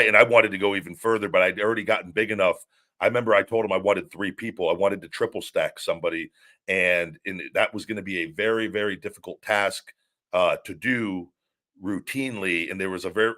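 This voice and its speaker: A very deep-voiced, middle-aged man, chatting casually as a podcast host. He rambles through his stories and often restarts his sentences midway. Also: pushed and bright. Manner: rambling storytelling with many restarts. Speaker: show host, former wrestler.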